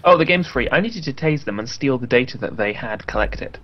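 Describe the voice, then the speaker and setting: A man's voice: mid-range voice, animated, fairly quick, muffled recording. A man chatting casually about a game, hesitant with many fillers and laughs. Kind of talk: casual group chat after a game.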